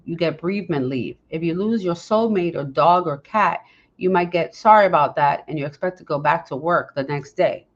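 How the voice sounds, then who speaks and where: A woman's voice: on the low side, muffled recording. A woman hosting a casual podcast, talking earnestly to listeners and often breaking off and restarting her sentences. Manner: earnest, speaks straight to listeners with questions. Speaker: podcast host. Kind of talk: casual unscripted podcast talk.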